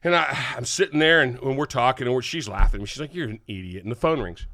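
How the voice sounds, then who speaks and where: An older man, hosting a podcast and telling an animated, laughing story. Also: mid-range voice, quick pace. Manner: animated, laughing, acts out quotes. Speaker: podcast host. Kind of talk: casual storytelling chat.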